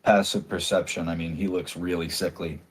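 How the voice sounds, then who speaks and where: A man's voice: low voice, fairly even intonation, brisk, husky. A man narrating as game master in a casual, chatty way, often laughing.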